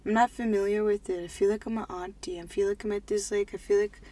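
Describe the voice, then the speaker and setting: A woman's voice: mid-range voice, fairly even intonation, fast talker. Twenties woman, casual podcast co-host, thinks aloud, plenty of "like". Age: 20s. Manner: chatty, lots of "like", thinks out loud.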